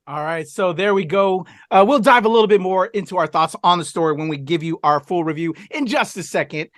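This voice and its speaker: A man's voice: sits high, brisk, dry recording, clean studio sound. A man co-hosting a casual film review, talking enthusiastically with lots of fillers and asides. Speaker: podcast co-host.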